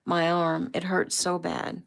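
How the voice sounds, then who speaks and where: A woman reading aloud, voicing a hurt little boy who speaks quietly and apologetically. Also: fairly low pitch, completely flat delivery, slow pace, vocal fry.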